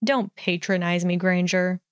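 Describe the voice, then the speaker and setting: A woman's voice: fairly low pitch, steady tone, a little slow, clear, resonant tone, dry recording, studio quality, natural voice. A woman voicing a hot-tempered young male wizard in a storybook reading, snarling and sneering. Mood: scornful.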